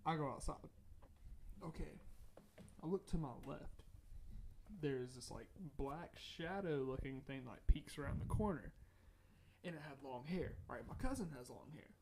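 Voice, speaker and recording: A young man from North Carolina who co-hosts a casual podcast, his voice gravelly with a touch of fry. He rambles animatedly through a spooky story and keeps restarting his sentences. A faint hiss of noise sits behind him. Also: fairly high pitch, animated, normal speed, long pauses. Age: young adult. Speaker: podcast co-host.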